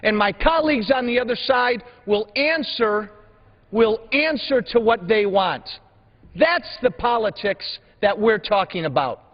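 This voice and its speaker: A man's voice: high-pitched, lively intonation, measured pace. A man giving a combative floor speech as a congressman, firing off rhetorical questions. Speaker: congressman speaking in floor debate. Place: large legislative chamber. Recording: dull broadcast sound with long hall reverb.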